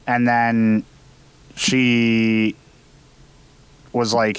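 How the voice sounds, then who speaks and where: A man's voice: mid-range voice, moderate pace, fairly bright tone, clean tone. A man co-hosting a casual podcast, easygoing and casually swearing as he chats. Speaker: podcast co-host. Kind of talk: casual chat.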